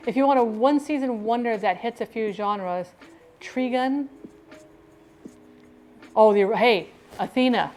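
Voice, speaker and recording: A woman's voice: a little high, unhurried, pauses often, a little mellow. Chatty, upbeat middle-aged woman streamer. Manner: chatty, upbeat, laughs often. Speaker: live streamer. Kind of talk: casual live-stream chat.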